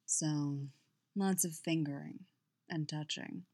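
A woman's voice: lowish voice, lively intonation, fairly quick, dry recording, clean studio sound, lightly acted. A woman voicing a chatty, teasing male warrior who talks playfully. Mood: soft. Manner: playful, rambling.

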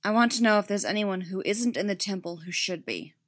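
A woman's voice: mid-range voice, a little fast, fairly bright tone, natural voice. A woman voicing a stern, commanding female Jedi master who gives clipped orders.

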